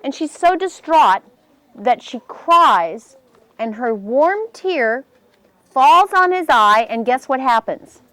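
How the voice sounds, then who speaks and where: A woman telling a fairy tale to children, animated and expressive, asking her listeners questions. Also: sits high, takes it slowly, dry recording. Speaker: children's storyteller. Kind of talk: storytelling to children. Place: library.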